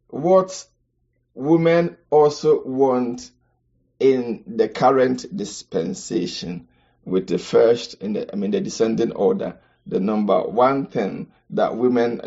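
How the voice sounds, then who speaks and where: A man from Ghana, teaching about marriage on a podcast, emphatic, with rhetorical questions and sudden high-pitched exclamations. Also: vocal fry, a little mellow, breathy edge, highs cut off.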